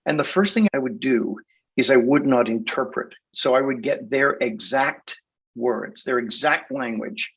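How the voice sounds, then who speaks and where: Older man from england, gravelly, husky, wry storyteller, dull lo-fi sound. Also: mid-range voice, measured pace, fairly bright tone. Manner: storytelling, laughs often, wry humor. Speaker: guest hypnotist. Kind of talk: casual interview chat.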